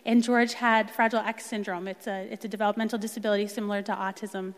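A woman's voice: mid-range voice, level tone, fast talker, in a large hall. A young woman from the United States telling a personal testimony in an earnest storytelling way, acting out quotes with feeling. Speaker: speaker sharing a personal testimony.

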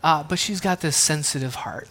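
A pastor in his thirties, with a fairly high, pushed and bright voice, preaches at a moderate pace, sharing family anecdotes in a conversational, self-deprecating, joking way. He asks the audience questions, and the long reverb of a large hall surrounds him.

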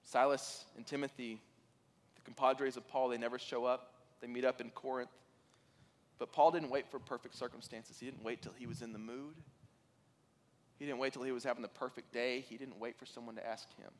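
A man preaching a sermon, telling stories in an animated way that rises to excited peaks. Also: mid-range voice, brisk, long reverb tail. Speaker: pastor.

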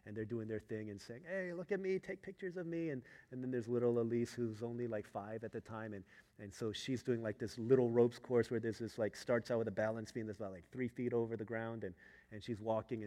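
A man preaching a sermon, telling a family story that swings from hushed asides to loud, emphatic moments. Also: on the low side. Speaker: pastor. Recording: long reverb of a large hall.

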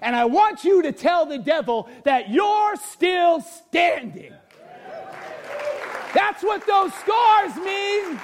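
A man preaching a sermon in a church hall, animated and often shouting as he tells funny stories about himself. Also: very high-pitched, takes it slowly, some chatter behind, a little hiss or hum. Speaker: pastor.

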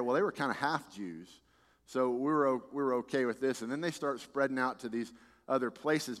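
A man preaching a sermon as a pastor, talking in a conversational, animated way with frequent restarts. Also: mid-range voice, in a large hall.

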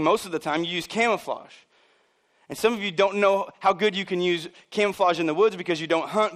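Brief: male pastor in church, fairly high voice, casual humor, acts out quoted voices. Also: a bit bright. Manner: conversational and joking, acts out voices of people he quotes. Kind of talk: sermon.

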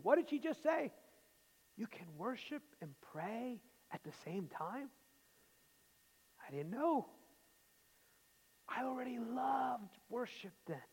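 Preacher with a big hall echo. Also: male voice, high-pitched. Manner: emphatic storytelling, dropping to quiet asides. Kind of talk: sermon. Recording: long hall reverb.

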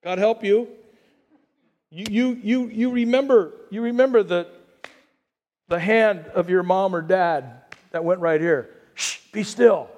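A middle-aged man preaching a conversational sermon with chatty asides, dropping to a hushed voice on calm phrases. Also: sits high, measured pace, long pauses. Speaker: pastor.

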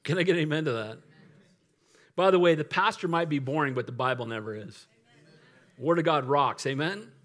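A man's voice: fairly high pitch, a little fast, pauses often, fairly bright tone. A middle-aged male pastor preaching a sermon in a conversational, humorous way, often laughing and asking for an amen.

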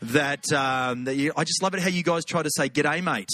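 A man's voice: fairly high pitch, fairly quick, sharp tone, no echo. A middle-aged Australian man giving a chatty, humorous sermon as a guest preacher. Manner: humorous, conversational, chatty asides.

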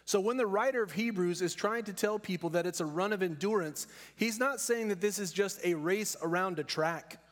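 Pastor preaching in a reverberant hall. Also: male voice, high voice. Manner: earnest preaching, slows down to stress key words. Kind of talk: sermon.

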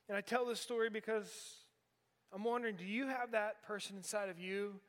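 A man's voice: high voice, fairly even intonation, a little fast. A man of about forty preaching a sermon in a church, telling a candid personal story with self-deprecating humor. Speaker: pastor. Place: church sanctuary. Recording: long hall reverb in a church.

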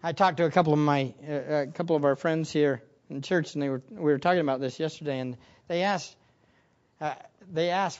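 Animated pastor preaching with dramatic bursts. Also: male voice, a little high, moderate pace, dull audio. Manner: animated, acts out voices of disciples with sudden loud bursts. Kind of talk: sermon.

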